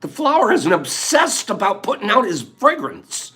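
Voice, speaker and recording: A man hosting a reflective spiritual talk, reading passages from a book aloud and mixing in his own animated remarks and soft asides. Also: high voice, normal speed, faint music behind. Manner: animated, swinging between loud emphasis and soft asides. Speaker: podcast host.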